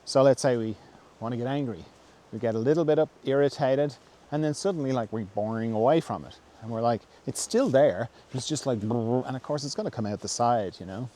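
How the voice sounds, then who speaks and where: A man answering a viewer's question in a gentle, reflective talk. He thinks aloud with pauses and restarts. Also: mid-range voice. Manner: softly acts out quoted voices, dropping to a whisper. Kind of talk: reflective spoken talk on self-help.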